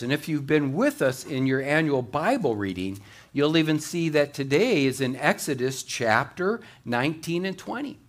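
A man preaching a sermon as pastor, folksy and quick, with fillers and joking asides. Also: mid-range voice.

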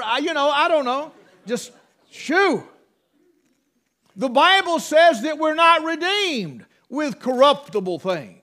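Man preaching, homespun storyteller, rather high voice, middle-aged. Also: big pitch swings, slow, sharp tone. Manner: folksy storytelling with rural dialect. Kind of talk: sermon.

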